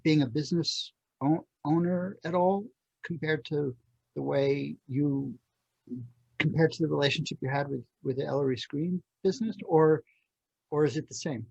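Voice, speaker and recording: A man interviewing a guest, asking hesitant, halting questions with restarts. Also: on the high side, creaky, darkish tone, breathy edge, no echo. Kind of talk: casual interview. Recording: dull, dry lo-fi sound.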